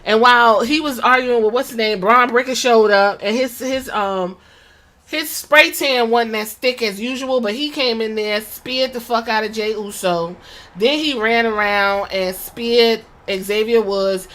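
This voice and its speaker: A woman with a slightly high voice hosts a podcast and recaps a wrestling show in loose, casual talk. She swears freely and tells the story with lively energy, slipping into quick impressions of the people she describes. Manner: profane, animated storytelling with quoted impressions. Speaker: podcast host.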